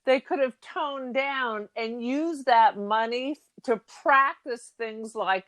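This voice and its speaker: A woman with a fairly high voice, trading dry, sardonic quips in relaxed podcast chat. The sound is close and dry. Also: slow, no room sound. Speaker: podcast co-host. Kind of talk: casual chat.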